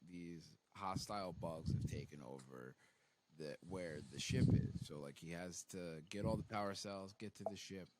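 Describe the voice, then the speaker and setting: Lower-voiced male podcaster, chatty recap. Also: darkish tone, a little hiss or hum, low-quality recording. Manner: laughs a lot, squeaky voices for quotes. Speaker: podcast co-host. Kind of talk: casual movie recap chat.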